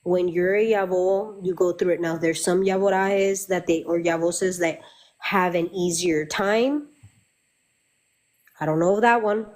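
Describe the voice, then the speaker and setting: A woman's voice: fairly low pitch, fairly even intonation, a little slow, a little mellow. A middle-aged woman, a Santeria practitioner, chatting candidly and swearing freely as she tells her stories. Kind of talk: casual chat.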